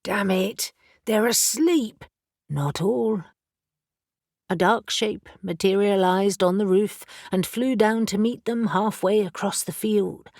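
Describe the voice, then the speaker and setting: A woman narrating a fantasy audiobook with steady, even storytelling. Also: medium pitch, dry recording, studio quality.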